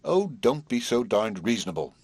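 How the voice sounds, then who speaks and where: A man's voice: mid-range voice, sing-song, moderate pace, a little mellow, husky, no echo. A man doing a teasing, slangy young actress. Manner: slangy, playful, pushy. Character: brash young woman stage actress, teasing.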